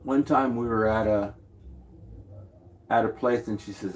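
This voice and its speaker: A man's voice: fairly low pitch, unhurried, a little hiss or hum. A man chatting on a livestream, rambling and slangy, drifting between stories. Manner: slangy, meandering, loose profanity. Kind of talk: rambling casual livestream chat.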